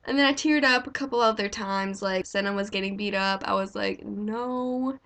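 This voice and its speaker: Young woman vlogger, excitable and chatty, gushes freely in casual talk. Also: medium pitch, a little fast, clean tone. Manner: gushing, chatty, lots of "like". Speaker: vlogger reviewing a movie. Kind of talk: casual chat.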